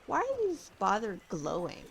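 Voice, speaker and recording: A woman's voice: medium pitch, wildly swooping pitch, normal speed, vocal fry, background noise. A woman from California, streaming a game and chatting casually with her viewers, thinking aloud and answering their comments. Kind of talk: casual live-stream chat while gaming. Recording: game music playing behind.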